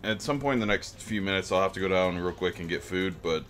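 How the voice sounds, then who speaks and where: A man's voice: low-pitched, quick pace, a bit bright, soft background music. A man streaming a game, chatting casually and joking, often breaking off mid-sentence. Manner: laid-back, joking, trails off mid-sentence. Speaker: streamer playing a visual novel. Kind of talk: casual live-stream chat.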